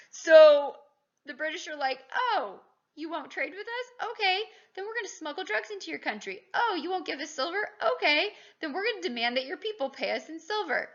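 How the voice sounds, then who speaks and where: A woman history teacher giving a recorded lecture in an animated way, asking rhetorical questions and jumping up in pitch for emphasis. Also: dull audio.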